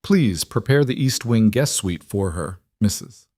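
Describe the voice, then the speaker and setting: A cold mafia boss giving flat, curt orders in a fairly low voice, as read by a male narrator. He sounds close and dry, with no room around him. It is a romance audiobook character. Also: unhurried, no room sound. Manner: curt, matter-of-fact commands.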